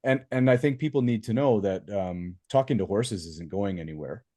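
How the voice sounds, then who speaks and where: Really deep voiced guy talking earnest on a podcast, dry close sound. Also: moderate pace, mellow, no echo. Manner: earnest, reflective. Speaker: podcast co-host. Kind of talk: casual chat.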